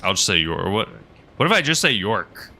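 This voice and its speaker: Deep-voiced, bright-toned male streamer. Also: big pitch swings, normal speed. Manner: rambling, filler-heavy, reads chat aloud. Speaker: game streamer and helicopter pilot. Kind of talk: casual livestream chat while playing.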